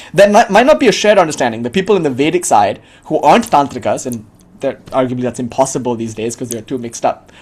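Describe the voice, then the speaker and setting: A man giving a casual spoken lecture on a spiritual tradition, animated and chatty, with lots of fillers and free swearing. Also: mid-range voice. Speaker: teacher of tantric tradition.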